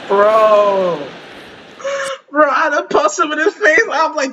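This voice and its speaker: Guy reacting to a comedy clip, high-ish voice, swears a lot, muffled lo-fi mic. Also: animated, slow pace, sharp tone, a little hiss or hum. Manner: laughing, swearing, rambling slang. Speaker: reaction video host. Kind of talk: casual reaction commentary.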